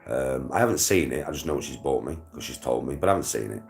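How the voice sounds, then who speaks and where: Very deep young british man, casual slangy vlog chat, swears a lot, faint music behind. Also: expressive, quick pace, vocal fry. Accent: British English. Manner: swearing, slangy, laughs often. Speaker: vlogger.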